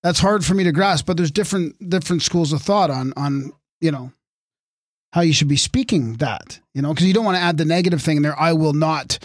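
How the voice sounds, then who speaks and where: A man hosts a podcast and asks questions that wander as he works them out, full of fillers. His voice sits a bit high. The recording is dry and close. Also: fairly quick, no room sound. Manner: rambling, hedging questions with many fillers. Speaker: podcast host. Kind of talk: conversational interview questions.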